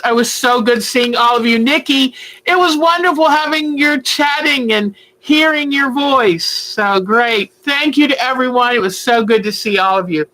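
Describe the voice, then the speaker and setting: A woman, hosting a casual home livestream and chatting warmly with viewers about her day. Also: mid-range voice, low-quality recording. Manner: chatty, talks baby talk to her pet bird. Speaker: quilting channel host. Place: at home, indoors.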